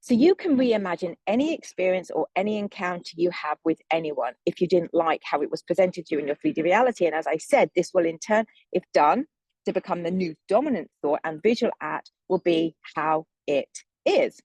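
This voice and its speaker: Soft, husky-voiced woman. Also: lowish voice, expressive, brisk, dry recording. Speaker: manifestation coach. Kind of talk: calm spiritual teaching monologue.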